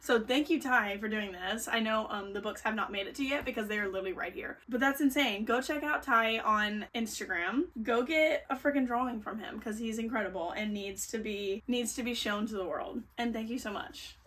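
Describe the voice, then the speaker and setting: A young woman, chatting on a home book vlog in a gushing, excitable way, gasping and squealing. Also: fairly high pitch, fairly quick, few pauses, far from the mic. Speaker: book vlogger. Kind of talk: casual vlog chat.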